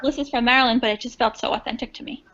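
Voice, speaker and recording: A woman's voice: fairly high pitch, fairly even intonation, rapid-fire, fairly bright tone. A woman chatting encouragingly as a guest on a book club video call. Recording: dull lo-fi video call audio.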